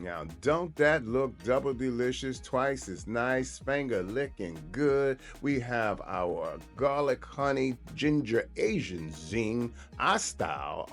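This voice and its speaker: A man hosting his own cooking video, chatting casually and repeating himself while he shows the dish. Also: medium pitch. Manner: relaxed, chatty, repeats and restarts phrases. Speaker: cooking show host.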